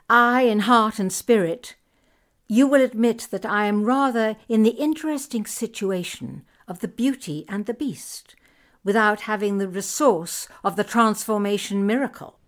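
Slow, expressive woman reading a story. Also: medium pitch. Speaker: audiobook reader. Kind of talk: scripted narration of letters.

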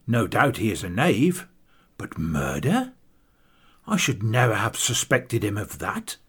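A man reading a grave, husky captain. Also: lowish voice, huge pitch swings, a little slow, fairly bright tone, exaggerated voice. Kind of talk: audiobook character voice.

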